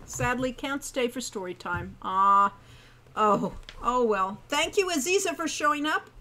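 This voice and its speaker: A woman's voice: on the high side, measured pace. A woman reading her own novel aloud on a live stream, chatty and cozy between passages. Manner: chatty, cozy, lively storyteller. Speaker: co-author and game designer reading her novel.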